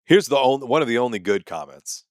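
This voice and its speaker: A man's voice: mid-range voice, big pitch swings, fast talker, no room sound, studio quality. A comedian doing a sarcastic, exasperated comedy rant about his online commenters. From United States. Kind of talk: comedic monologue. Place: home sun room.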